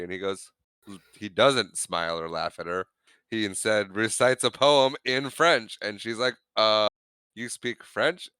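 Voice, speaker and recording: A man's voice: on the low side, fairly even intonation, a little slow, pushed and bright, clean tone, dry recording. A man co-hosting a podcast, casually recapping a movie scene by scene and acting out the characters' lines. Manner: retells scenes acting out quotes. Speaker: podcast co-host.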